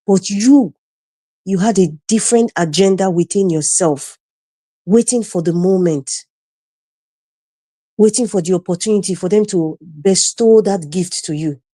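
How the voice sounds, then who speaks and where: A woman's voice: medium pitch, unhurried, pauses often, mellow, no room sound. A woman with a Nigerian accent speaking as a panelist on a video call, giving impassioned political commentary, indignant and emphatic, repeating her phrases.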